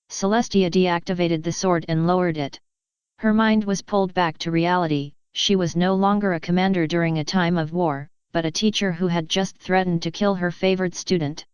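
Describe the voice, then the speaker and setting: A woman narrating a fan fiction audiobook in a steady, measured way. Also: lowish voice, clear, resonant tone, dry recording, muffled recording.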